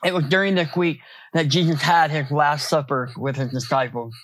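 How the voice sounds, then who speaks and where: A man's voice: on the high side, fairly even intonation, normal speed, fairly bright tone, no echo. A man preaching a sermon as pastor, in a conversational way with many rhetorical questions and repeated words.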